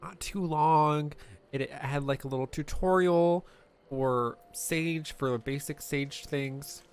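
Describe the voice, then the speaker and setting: A man's voice: a little high, slow, clean tone. A young man streaming a game reaction, gushing and exclaiming with frequent laughs. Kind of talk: excited reaction commentary.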